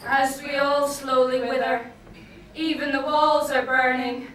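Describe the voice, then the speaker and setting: A woman playing a mournful woman of the house, speaking slowly in an amateur stage play, recorded from far off in an echoey hall. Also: high-pitched, flat delivery, a bit bright, a little hiss or hum.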